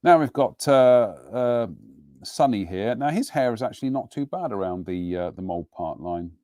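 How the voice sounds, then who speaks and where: A man's voice: medium pitch, animated, normal speed, warm tone, no room sound, studio quality. Chatty man at his workbench. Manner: chatty, rambling, self-deprecating. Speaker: host of a live model-building broadcast. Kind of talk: casual live demonstration and chat. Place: home workbench.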